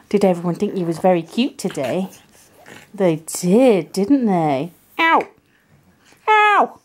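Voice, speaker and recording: A woman's voice: medium pitch, very animated, takes it slowly. A young woman vlogging at home, gushing in baby talk at her pet dog with gasps and giggles, filmed on a handheld camera. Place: at home indoors. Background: dog sounds.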